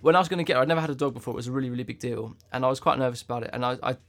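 A man's voice: mid-range voice, racing, fairly bright tone. A man co-hosting a podcast, telling a long personal story in casual chat and swearing freely. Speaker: podcast co-host.

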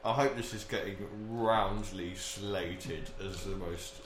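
A man who co-hosts a podcast and teaches, chatting casually in a lively, joking way that is full of swearing. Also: low-pitched, takes it slowly, soft background music. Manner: animated, laughing, swearing banter. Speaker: podcast co-host. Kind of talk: casual chat. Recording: echoey room with faint hiss.

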